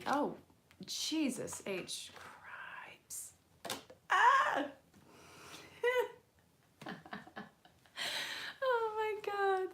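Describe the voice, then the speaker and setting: Chatty, excitable woman, low voice. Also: slight background noise. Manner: chatty, excitable, talks to viewers, laughs often. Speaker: angel card reader hosting a live stream. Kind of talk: casual live-stream chat.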